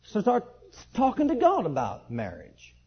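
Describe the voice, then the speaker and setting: A man preaching a sermon and telling his own testimony, leaping from high excited outbursts to low quiet asides. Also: a little slow, creaky, husky. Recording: dull lo-fi sermon recording.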